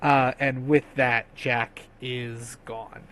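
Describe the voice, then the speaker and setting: A man narrating a tabletop game as game master, softly and slowly, with quick chatty asides. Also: mid-range voice, flat delivery, clear, resonant tone, low-quality recording.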